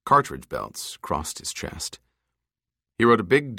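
A man giving scripted audiobook narration, measured and deliberate. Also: low-pitched, sharp tone, no room sound, studio quality.

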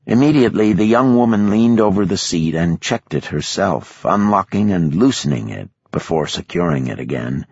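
A man reading an audiobook in a measured, expressive scripted narration. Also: low-pitched, breathy edge, no echo, highs cut off.

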